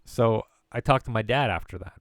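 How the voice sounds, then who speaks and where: A man's voice: medium pitch, a little fast, no echo. A man in his late thirties, from the former Soviet Union, streaming from home and chatting in a rambling way, often laughing and restarting sentences. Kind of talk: casual rambling chat.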